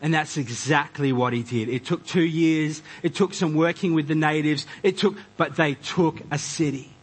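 Man, pastor, conversational sermon, animated, husky, slightly high voice. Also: moderate pace, poor audio.

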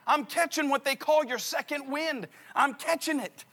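A man preaching a sermon through an animated, comic personal story. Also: very high voice, normal speed.

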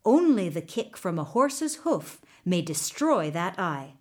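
Kindly little talking horse for a storybook, a woman reading it, unhurried and reassuring. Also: lowish voice, big pitch swings, heavily acted. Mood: calm. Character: small talking male horse, loyal and brave. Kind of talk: storybook narration.

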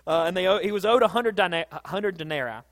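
A man preaching a sermon, telling a Bible story in a casual, animated way that builds to excited peaks. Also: high-pitched, fast. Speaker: pastor.

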